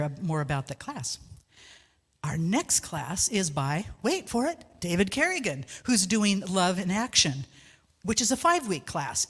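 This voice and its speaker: A woman's voice: fairly low pitch, long reverb tail. A woman giving church announcements as volunteer coordinator, chatty and joking, often correcting herself.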